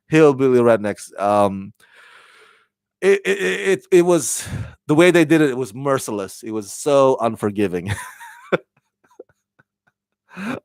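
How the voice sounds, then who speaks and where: A man's voice: mid-range voice, clear, resonant tone, dry recording. A man giving a casual spoken TV review, rambling and repeating words as he thinks aloud. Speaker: TV show reviewer.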